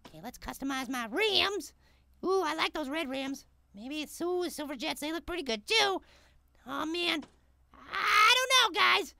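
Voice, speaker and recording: A performer voicing a tiny, excitable male apple as host of a let's play, commenting on the game and talking straight to viewers. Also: very high-pitched, measured pace, gravelly, no echo, exaggerated voice. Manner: hyper, exclaiming, talks to viewers.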